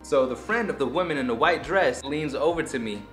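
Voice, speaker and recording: A man telling a personal story to his viewers in a casual, animated way, acting out his own past reactions. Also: mid-range voice, a little fast, soft background music.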